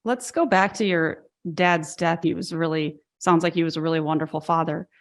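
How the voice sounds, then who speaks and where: A woman hosting a podcast, gently prompting her guest with questions. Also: sits low, steady tone, moderate pace. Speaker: podcast host. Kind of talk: interview questions.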